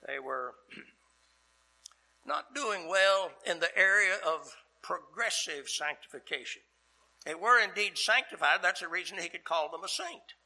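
An older man preaching a sermon as pastor, earnest and deliberate, pausing between phrases. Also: high voice, animated, gravelly, pushed and bright, low-quality recording.

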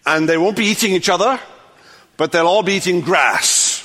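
An older man preaching a sermon as pastor, swinging from loud, animated passages to hushed, quiet endings. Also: sits high, normal speed, big-room sound. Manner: animated preaching, rising loud then dropping to hush. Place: church sanctuary.

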